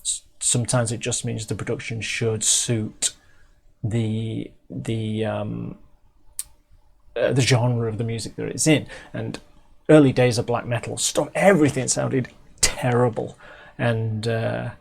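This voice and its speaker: A man's voice: medium pitch, fairly even intonation, measured pace, creaky, slightly rough. A middle-aged man from England chatting casually as he reviews a music video, restarting his sentences and filling gaps with ums. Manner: chatty, self-interrupting, many restarts and fillers.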